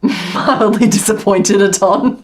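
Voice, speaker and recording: Woman streamer, casual crafting chat, laughs a lot, mumbles stitch counts. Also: fairly high pitch. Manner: chatty and apologetic, laughs often, counts stitches under her breath. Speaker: crochet livestream host. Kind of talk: casual live-stream chat while crocheting.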